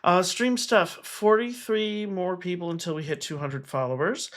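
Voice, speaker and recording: A man's voice: sits high, fairly even intonation, normal speed, fairly bright tone. A man hosting his own game stream in casual chat, earnest and talkative, with wry jokes at his own expense. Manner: earnest and chatty, with wry self-mocking jokes.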